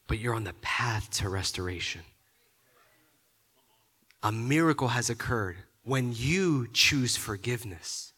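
A man preaching a sermon, often repeating his words and building to loud, emphatic peaks. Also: mid-range voice, lively intonation, takes it slowly, pauses often, breathy edge. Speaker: pastor.

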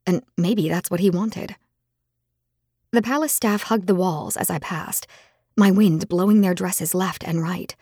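A woman narrating a fantasy romance audiobook in the first person, expressive and heated in dialogue. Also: mid-range voice, slightly rough, no echo, studio quality.

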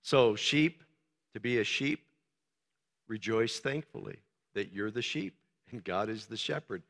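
A man preaching a sermon as pastor, swinging from soft, low talk to loud, emphatic shouting. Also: unhurried. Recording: long reverb of a large hall.

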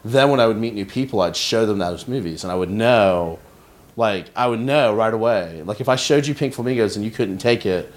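Rambling low-voiced man in his forties. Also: a little fast. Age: 40s. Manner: rambling, filler-heavy storytelling. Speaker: comedian guest. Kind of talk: casual podcast chat.

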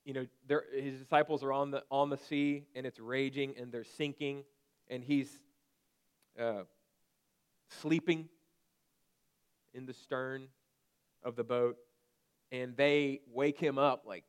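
A man in his thirties preaching a conversational sermon and at times breaking into sharp shouted commands. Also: mid-range voice, fairly even intonation, moderate pace. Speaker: pastor.

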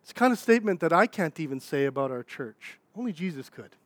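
High-voiced, animated preacher. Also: male voice, fast, dry recording. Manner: conversational, animated preaching with asides and acted quotes. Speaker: pastor. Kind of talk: sermon.

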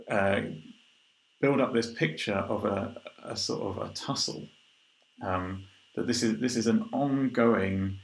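A man with a low, gravelly voice gives an unhurried sermon, reading scripture and then talking it through. He thinks aloud with plenty of ums and restarts. The sound is roomy, with echo all around him. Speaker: preacher.

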